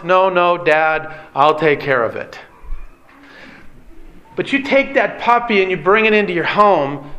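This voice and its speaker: A man's voice: high voice, a bit bright. A middle-aged man preaching a sermon as pastor, earnest and pleading, often asking rhetorical questions.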